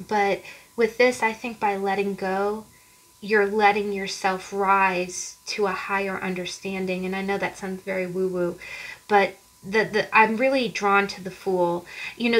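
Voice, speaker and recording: A woman's voice: mid-range voice, a bit bright, poor audio. A woman giving a weekly tarot card reading to viewers, earnest and chatty, often restarting and repeating her words.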